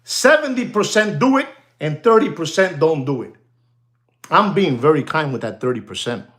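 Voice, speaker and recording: Older male watch dealer doing a livestream rant, high-pitched, swooping all over, repeats himself, sprinkles in Spanish slang. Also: normal speed. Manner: animated, rambling, repeats himself, addresses audience as ladies and gentlemen. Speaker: watch dealer hosting his channel.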